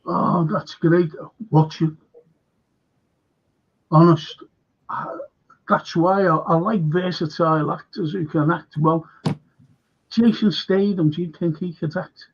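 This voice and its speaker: A man hosting a casual film chat stream, excitable and reading out viewer comments. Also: a little high, takes it slowly, pauses often, breathy edge. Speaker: host. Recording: dull lo-fi stream audio.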